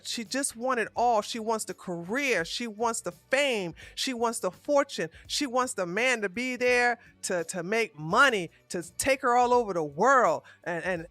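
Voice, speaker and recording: A woman giving blunt, profane livestream commentary in a casual, animated way, close to the mic. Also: a little high, no echo. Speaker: commentary streamer.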